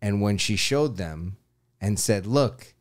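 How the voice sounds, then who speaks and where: A man's voice: medium pitch, lively intonation, moderate pace. A man with a mid-range voice that rises and falls widely chats casually on a podcast. He swears freely and laughs through his own stories. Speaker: podcast host. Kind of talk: casual chat.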